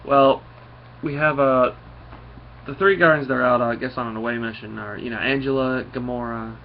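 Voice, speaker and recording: A man rambles through a comic book recap, pausing often and restarting his sentences. His voice sits at a middle pitch. The recording is dull and lo-fi, with a faint hiss behind it. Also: fairly even intonation, creaky. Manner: rambling, full of fillers and restarts.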